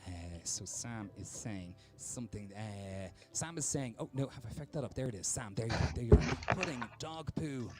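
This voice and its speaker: A man's voice: medium pitch, animated, moderate pace, hardly any pauses, over loud music. A young Irish man with an Irish accent, a comedian hosting a charity stream with rambling, playful stand-up banter. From Ireland. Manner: rambling, self-interrupting, playful.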